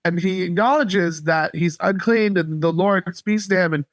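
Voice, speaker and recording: A man from North Carolina, a podcast guest, telling a faith story earnestly and haltingly. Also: high-pitched, dry recording. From North Carolina, USA. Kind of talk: casual faith testimony.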